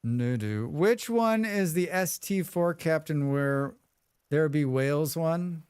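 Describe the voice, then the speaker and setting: A man's voice: a little high, animated, slow, a little mellow, clean tone, dry recording, studio quality. A man livestreaming a game, chatting casually with viewers, humming and thanking them as he plays. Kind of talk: casual livestream chat while gaming.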